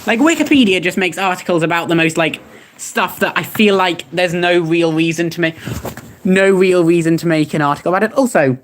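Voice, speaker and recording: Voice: medium pitch, a little fast, a little hiss or hum. A young adult streamer chatting casually while reading search results aloud, rambling and laughing at what they find. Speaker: streamer reacting to web searches. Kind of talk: casual chat.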